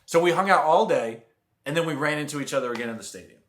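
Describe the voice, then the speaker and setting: A young man telling a rambling, animated story to his viewers in a casual vlog. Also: on the high side, fast. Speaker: vlogger. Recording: echoey room.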